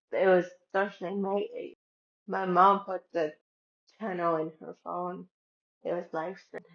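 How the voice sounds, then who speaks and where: Slow-talking woman with a gravelly voice. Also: medium pitch, muffled recording. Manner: chatty, retells conversations with many "I'm like" quotes. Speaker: vlogger. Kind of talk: casual personal storytelling.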